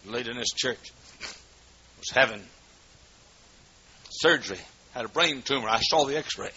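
A man preaching a sermon as pastor in a church, swinging between shouted fervor and hushed storytelling. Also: mid-range voice, normal speed, husky. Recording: dull lo-fi recording with faint noise.

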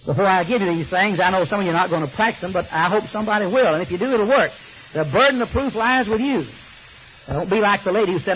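A man's voice: high-pitched, fast. An older man preaching a sermon, telling folksy, joking stories. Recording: slightly muffled recording with faint hiss.

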